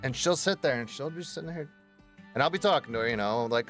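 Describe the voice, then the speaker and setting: A man's voice: medium pitch, quick pace, a bit bright, faint music behind. A man streaming a game, telling rambling, profane stories in casual chat with his viewers. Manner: rambling, profane storytelling with bursts of laughter.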